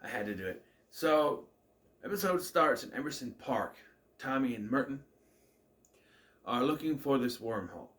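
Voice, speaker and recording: A man's voice: medium pitch, expressive, normal speed, long pauses, a bit bright. Man rambling through an episode recap. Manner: rambling, many fillers and restarts. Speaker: show reviewer.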